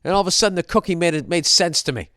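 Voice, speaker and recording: A man's voice: sits high, very fast, a bit bright, no echo, clean studio sound. A man hosting a podcast, telling a comic story in a profane, exasperated rant. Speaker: podcast host. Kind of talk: comedic monologue rant.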